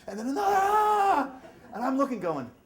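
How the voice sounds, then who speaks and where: A middle-aged man performs a story live at a storytelling event, his pitch swinging widely as he acts out the scenes. The voice carries an echoey room sound with faint ambience behind it. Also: moderate pace, noisy background. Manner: animated, acts out shouts and voices.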